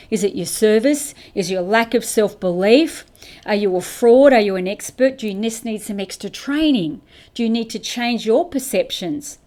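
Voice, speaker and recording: A middle-aged woman hosting a motivational business podcast, talking straight to camera with emphatic rhetorical questions. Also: medium pitch. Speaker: podcast host and business coach. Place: indoors, facing camera.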